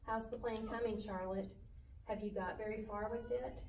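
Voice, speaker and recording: A woman's voice: mid-range voice, steady tone, normal speed, a little mellow, roomy sound, far from the mic, a little hiss or hum, lightly acted, poor audio. A woman voicing a timid, anxious young male pig in a storybook reading. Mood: eager. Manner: pleading, worried.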